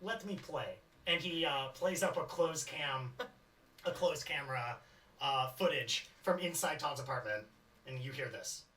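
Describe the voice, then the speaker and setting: A man narrating as game master of a tabletop role-playing game, animated and chuckling. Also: medium pitch, measured pace, echoey room, distant mic.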